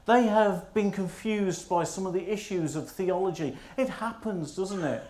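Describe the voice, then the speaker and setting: A minister spins a self-mocking story from the pulpit, his voice a touch higher than most men's. The sermon echoes around a roomy church. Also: unhurried, a little mellow.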